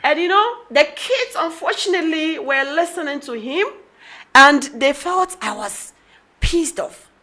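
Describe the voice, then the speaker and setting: Radio talk guest: middle-aged woman, bright, fairly high voice, animated storyteller who acts out dialogue. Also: a little slow.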